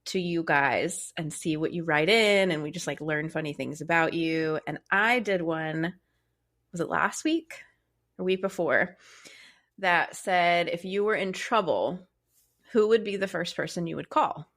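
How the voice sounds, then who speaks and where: A woman's voice: fairly low pitch, unhurried. Chatty laughing woman telling a story. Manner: chatty storyteller, laughs often, animated retelling. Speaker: podcast co-host. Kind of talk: casual chat.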